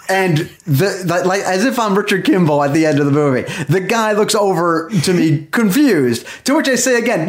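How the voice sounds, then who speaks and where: A man co-hosts a podcast, spinning a story with a voice that leaps up and down. He sits a bit above the usual male pitch and laughs often as he talks, in casual chat. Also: lively intonation, moderate pace, hardly any pauses, slight background noise. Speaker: podcast co-host.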